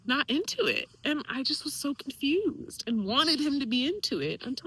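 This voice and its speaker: A woman's voice: high-pitched, big pitch swings, normal speed, pushed and bright, rough recording. A young woman vlogger candidly venting to camera about family hurt, emotional and close to tears, talking casually with many fillers and acting out what others said. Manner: emotional, tearful, sighing; casual, many fillers, acts out quoted people.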